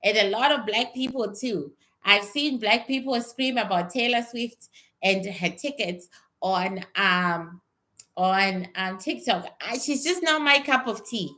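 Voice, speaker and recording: A woman's voice: mid-range voice, a little slow, pushed and bright. A woman talking casually on a livestream as a psychic reader, answering viewers bluntly and with some swearing, often repeating herself.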